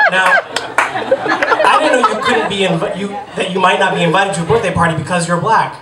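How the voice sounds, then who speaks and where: A man in his thirties from around Boston, high-pitched and fairly quick, tells a funny story about himself with wry self-deprecation from a bar stage. Crowd noise fills the recording, which is distant from the mic in an echoey, noisy room with a live audience.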